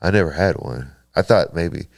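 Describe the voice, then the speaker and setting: Laughing and cursing as he tells a story, this male podcast host from Kentucky and South Texas does voices for the characters in a casual storytelling chat. His voice is low, animated and creaky, moving at a moderate pace, with clean studio sound and no echo.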